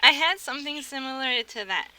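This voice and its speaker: Young woman, American accent, higher voice, casual rambling stream chat, laughs often, audible background noise. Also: animated, a little fast. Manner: chatty, giggly, self-interrupting.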